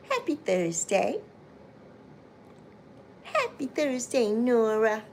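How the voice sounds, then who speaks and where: A woman chats unhurriedly with viewers on her livestream. Her voice sits a little high and her pace stays slow. She greets people by name with easy endearments. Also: sing-song, vocal fry, slight background noise. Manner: warm, chatty, calls viewers "my love" and "honey". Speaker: livestream host.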